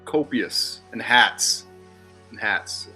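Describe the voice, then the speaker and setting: A man's voice: medium pitch, moderate pace, pushed and bright, soft background music. A man in his thirties from Philadelphia, a podcast guest in casual chat, telling rambling, candid stories and swearing freely. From Philadelphia, USA.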